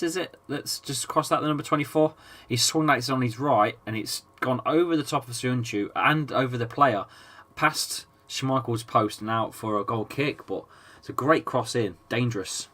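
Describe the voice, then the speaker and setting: Sick english guy streaming a match, chesty, bright forward voice, chats and swears, reads out the chat. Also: mid-range voice. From England. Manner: chatty, swears, reads chat aloud between play calls. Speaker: football fan streamer. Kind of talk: casual live watchalong commentary.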